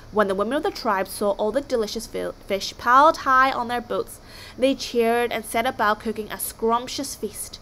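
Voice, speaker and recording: A woman reading a children's chapter book aloud with expressive storytelling. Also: on the high side, a little hiss or hum. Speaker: storybook reader.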